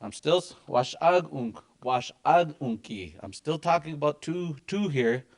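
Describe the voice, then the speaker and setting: A man's voice: on the high side, lively intonation, unhurried. A man teaching a language class with lots of energy and emphasis.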